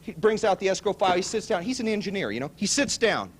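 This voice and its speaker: A male seminar speaker telling a story to a live audience in an animated, excitable way, laughing at his own tale. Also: sits high, fast, a little hiss or hum.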